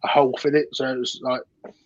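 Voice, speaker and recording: A man's voice: mid-range voice, little pitch movement, quick pace, lo-fi sound, a crowd in the background. A British man as a podcast guest, talking casually in plain, matter-of-fact sentences over a remote call. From United Kingdom. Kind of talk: casual chat.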